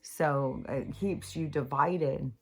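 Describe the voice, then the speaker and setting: A middle-aged woman with a low-pitched voice talks in a loose, rambling vlog monologue. She fills her speech with ums, likes and restarts, and swears freely. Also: slow pace, husky. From Pacific Northwest US. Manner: rambling, profane, many fillers and restarts. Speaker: spiritual vlogger.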